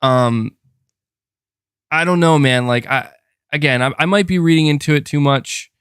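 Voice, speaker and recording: A man's voice: a little high, moderate pace, a bit bright, clean tone, no echo, studio quality. A man streaming and chatting with his viewers in a casual, rambling way, with many fillers and restarts. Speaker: streamer reading chat. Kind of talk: casual livestream chat.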